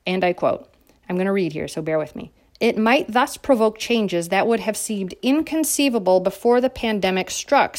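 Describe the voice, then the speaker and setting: A woman talking straight to her audience in a heated political rant. She swings between sarcasm and outrage, mocking the people she criticizes. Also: medium pitch. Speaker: political commentator. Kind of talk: opinionated monologue to viewers.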